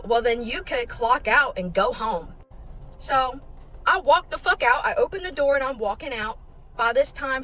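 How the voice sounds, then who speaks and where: Heated, bright-voiced woman ranting. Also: sits high. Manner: heated, profane, animated retelling. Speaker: restaurant kitchen worker telling a story. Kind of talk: casual storytime rant.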